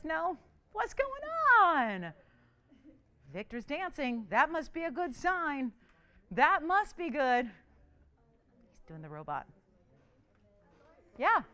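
Bubbly lady running a live jewelry auction on tv, high bright voice, jumps all over the place. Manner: bubbly, chatty, teasing with crew. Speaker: jewelry shopping host. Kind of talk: live TV shopping auction patter.

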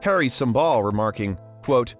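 Guy doing a polished documentary voiceover, voice swings up and down a lot, soft music underneath. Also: mid-range voice, animated, normal speed. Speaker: documentary narrator. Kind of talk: scripted documentary narration.

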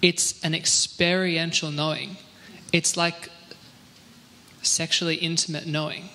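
Bright-voiced man teaching casually. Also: fairly high pitch, measured pace, long reverb tail. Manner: relaxed, joking, reads scripture aloud. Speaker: church teacher. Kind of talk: casual Bible teaching discussion.

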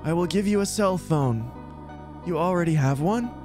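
A man voicing a gentle, motherly goat woman in a game, speaking formally and politely with no contractions. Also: on the high side, expressive, moderate pace, over music, pitched above the performer's own voice, close to an everyday voice.

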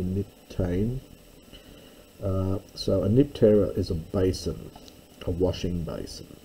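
A man teaching a slow verse-by-verse Greek lesson, stopping often to explain words and grammar. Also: on the low side, mellow, breathy edge, poor audio. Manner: careful, stops to explain grammar.

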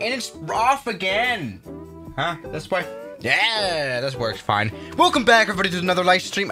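Give me an excitable man streaming a flight sim, lively pitch. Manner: excitable, chatty, often restarts sentences. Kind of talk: casual livestream commentary.

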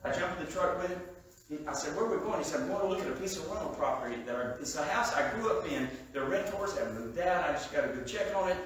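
An older man preaching a sermon, telling stories that swing from soft asides to loud, emphatic peaks. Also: a little high, lively intonation, quick pace, a little hiss or hum. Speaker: evangelist preacher. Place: church sanctuary. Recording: echoey church room heard from a distance.

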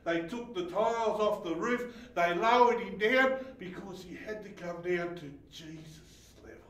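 A man preaching a sermon as pastor, swinging between loud, excited exhortation and quiet scripture reading. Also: high voice, unhurried, echoey room, recorded from a distance, poor audio. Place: church fellowship hall.

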